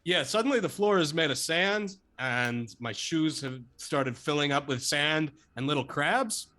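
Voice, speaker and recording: A man's voice: on the high side, measured pace, pushed and bright. A man speaking in character as a player in a tabletop game, with a dry, hesitant manner.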